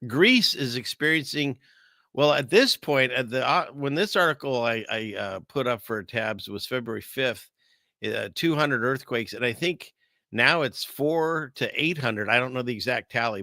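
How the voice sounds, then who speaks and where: Medium in pitch with a sharp tone, a man speaks in an animated but unhurried way, recorded dry at studio quality. On his laid-back livestream he rambles over the news, cracks jokes, and reads the chat aloud to his viewers.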